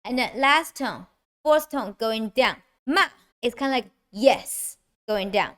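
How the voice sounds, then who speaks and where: A woman with a Mandarin Chinese accent teaching a beginner language lesson, speaking slowly and clearly and exaggerating the tones for learners. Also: a little high, animated, a bit bright.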